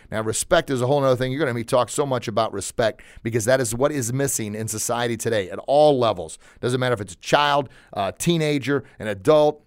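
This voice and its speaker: A man's voice: medium pitch, fast talker, clear, resonant tone, dry recording, studio quality. A man hosting a show, giving a motivational talk in an emphatic coaching tone and repeating phrases for emphasis. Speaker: podcast host.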